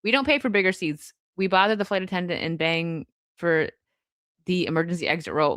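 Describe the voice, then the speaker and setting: A young woman hosting a live stream, reading chat and chatting casually, laughing often with quick asides. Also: lowish voice, a bit bright, no echo, studio quality.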